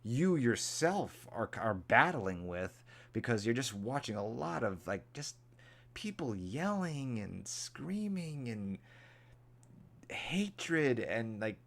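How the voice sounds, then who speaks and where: A man hosting a casual live stream, rambling and repeating himself, now and then jumping into a high, mocking voice to imitate angry people. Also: big pitch swings, slow, gravelly, a bit bright.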